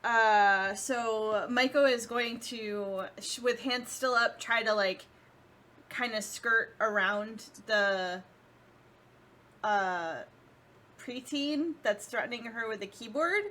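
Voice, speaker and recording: A woman playing a tabletop game, describing her character's moves slowly and hesitantly. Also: a little high, pushed and bright. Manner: slow, hesitant. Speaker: player. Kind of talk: casual tabletop play.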